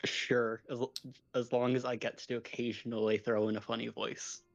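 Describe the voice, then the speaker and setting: A co-host on a live stream with a mid-pitched voice. Their remarks are short and dry, in a relaxed, casual way. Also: normal speed, creaky, highs cut off.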